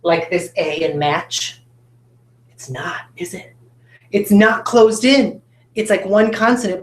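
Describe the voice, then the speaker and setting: A woman's voice: mid-range voice, expressive, unhurried, echoey room. A woman teacher giving an upbeat phonics lesson at a whiteboard, talking straight to her students and often checking "right?". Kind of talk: recorded classroom phonics lesson. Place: classroom with a whiteboard.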